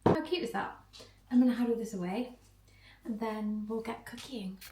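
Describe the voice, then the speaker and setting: A young woman chatting casually in a vlog, giggly and quick to get excited. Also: fairly high pitch, reverberant, a little hiss or hum. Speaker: vlogger and personal trainer.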